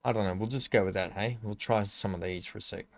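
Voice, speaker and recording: A man's voice: fairly low pitch, steady tone, fast talker, vocal fry, faint music behind. A man live-streaming a game, thinking aloud in a rambling, casual way and chatting with his viewers. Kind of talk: casual live-stream chat while gaming.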